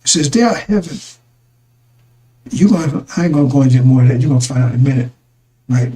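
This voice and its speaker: A man's voice: medium pitch, expressive, quick pace, warm tone, poor audio. A man giving a rambling religious talk to his listeners, repeating himself and calling them brothers and sisters. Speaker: religious broadcaster.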